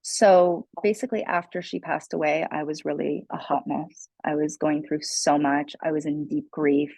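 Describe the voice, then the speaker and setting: A woman's voice: sits low, fairly even intonation, normal speed, gravelly, darkish tone, no echo, rough recording. A young adult woman, a guest speaker, telling her personal story in a candid, earnest way with many "like" and "you know" fillers. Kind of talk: personal testimony in a conversation.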